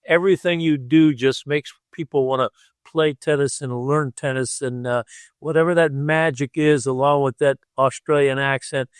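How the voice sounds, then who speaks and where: An older man co-hosting a podcast interview, effusive in his praise and halting, with many pauses. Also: medium pitch, steady tone, smooth, dry recording, studio quality. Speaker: podcast co-host. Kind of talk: casual interview chat.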